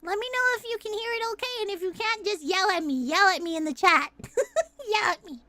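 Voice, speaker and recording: A young adult woman streaming a game, chatting casually with bursts of yelling and laughter. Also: very high-pitched, a little fast. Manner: excitable, loud outbursts and frequent laughter. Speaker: streamer and voice actress. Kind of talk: casual live-stream chat.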